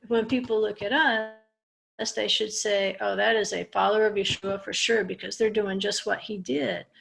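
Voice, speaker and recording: A woman's voice: mid-range voice, gravelly. A woman teaching a Torah portion lesson, explaining Hebrew words step by step with small restarts. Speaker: Bible teacher.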